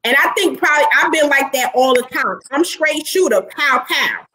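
A middle-aged woman co-hosting a casual talk show, telling stories in an animated, emphatic and plain-spoken way. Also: sits high, normal speed, a crowd in the background, rough recording. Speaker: podcast co-host. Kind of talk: casual chat.

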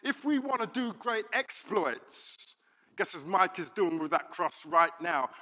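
Lively, bright-voiced pastor preaching. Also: male voice, high voice, unhurried. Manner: animated storytelling with many fillers. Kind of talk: sermon. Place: church hall. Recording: reverberant church hall.

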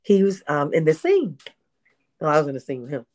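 Woman, 50s; lively interview storyteller who repeats phrases and acts out dialogue. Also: sits low, fairly quick. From Baltimore, USA. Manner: animated, repeats herself, acts out quotes. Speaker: interview guest, independent filmmaker.

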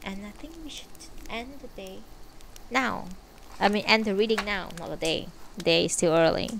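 A woman streaming a book reading, chatting in a relaxed, rambling way between chapters. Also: mid-range voice, moderate pace, vocal fry, background noise. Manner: relaxed, chatty and rambling, with frequent fillers and asides. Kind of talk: book reading and casual chat.

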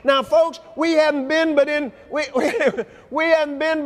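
A man preaching a sermon at a convention, folksy and animated, sometimes shouting and leading the crowd in repeating lines. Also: very high-pitched, moderate pace. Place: large convention hall. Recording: long hall reverb.

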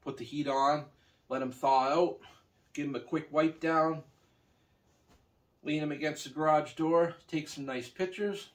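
A man's voice: fairly high pitch, steady tone, unhurried, pauses often, distant mic. A man from Canada who sells junk vehicles and scrap, telling a long story in a meandering, casual way full of "you know" and restarts. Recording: voice a bit off-mic.

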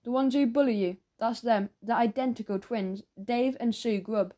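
A woman voicing a wary, bullied schoolboy in a storybook, speaking in an urgent, hushed way. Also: fairly high pitch, normal speed, close to an everyday voice.

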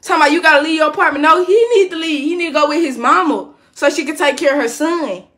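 A woman with a high voice rants at length on a live stream, heated and profane. She repeats her points again and again and laughs between jabs. The room around her rings with echo. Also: fast talker, a bit bright. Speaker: livestreamer. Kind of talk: casual live-stream rant. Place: indoors at home. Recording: echoey room.

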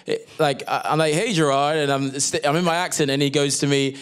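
A British actor telling a personal story in a casual interview, chatty, with many fillers and restarts. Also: male voice, a little high, little pitch movement, brisk, clear, resonant tone. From Britain. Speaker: actor guest.

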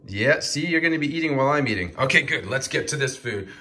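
A man's voice: fast talker, slight background noise. A man reviewing food on camera in a casual, enthusiastic way, humming with pleasure while he eats. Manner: enthusiastic, lots of mmm sounds while eating; chatty with his pet in a high, excited voice.

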